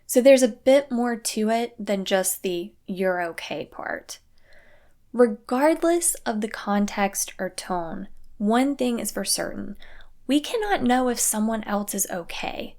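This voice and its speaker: A young woman hosting a parenting podcast, talking calmly and earnestly in a scripted solo talk. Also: fairly high pitch, takes it slowly. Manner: calm, earnest, acts out quoted phrases.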